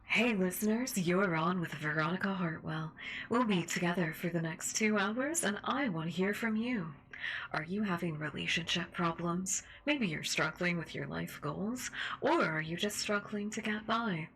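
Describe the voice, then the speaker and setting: Woman doing a mean radio call-in host lady, whispered role-play, low gravelly voice, slow bossy commands. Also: a bit bright, a little hiss or hum, rough recording. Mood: sly. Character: cruel manipulative female radio call-in host.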